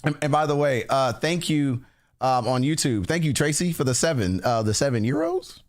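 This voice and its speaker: A man's voice: mid-range voice, normal speed. A man chatting casually on a livestream, reacting to music with slangy talk and frequent laughter. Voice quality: animated, laughs often, slangy.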